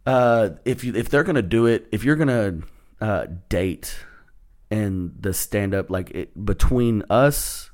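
A man's voice: lowish voice, unhurried. Profane, laughing male stand-up comic. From Texas. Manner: profane, laughing, animated retelling. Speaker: guest comedian. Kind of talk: casual podcast storytelling.

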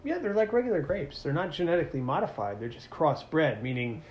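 A middle-aged man co-hosting a casual podcast chat, telling stories in an animated way with big swings in his voice. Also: brisk, dull audio, slight background noise. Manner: animated storyteller, lively swings in pitch. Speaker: podcast co-host.

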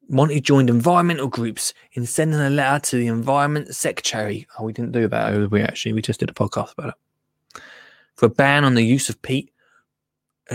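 A man hosting a podcast, reading out gardening news in a loose, jokey ramble full of asides. His voice is bright and forward, and it sits close and dry on the mic. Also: mid-range voice, no echo. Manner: rambling, self-interrupting, jokey. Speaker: podcast host.

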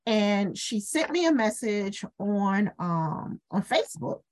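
A woman's voice: medium pitch, slow pace. A woman co-hosting a casual faith talk, telling stories animatedly and acting out the voices of the people in them. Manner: animated storyteller, acts out voices. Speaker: podcast co-host.

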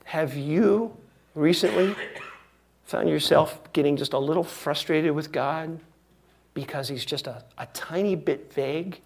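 Gravelly-voiced male pastor preaching. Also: fairly high pitch, a little hiss or hum. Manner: wry, conversational, uses emphatic pauses. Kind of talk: sermon.

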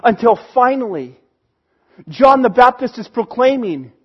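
A man's voice: very high voice, measured pace. A man preaching a sermon in an earnest way that builds to emphatic peaks. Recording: dull lo-fi recording.

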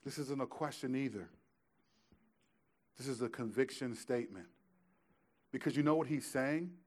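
Emphatic pastor, quiet then loud. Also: male voice, mid-range voice, normal speed. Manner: conversational, casual storytelling asides. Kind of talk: sermon.

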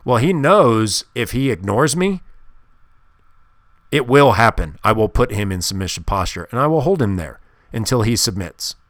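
A man's voice: mid-range voice, sing-song, normal speed, a bit bright, no room sound, studio quality. Emphatic man giving dog-training advice. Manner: emphatic, insistent. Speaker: podcast host. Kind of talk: casual monologue.

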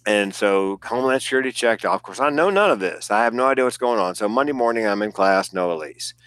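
A comedian telling an animated story in casual conversation, acting out the voices of the people in it and swearing freely. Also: male voice, fairly low pitch, fast, no echo. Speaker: guest comedian.

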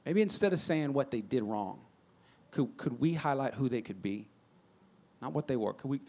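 A man preaching a sermon, animated, swinging from loud calls to soft near-whispers and prompting the congregation. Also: medium pitch, normal speed. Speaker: pastor.

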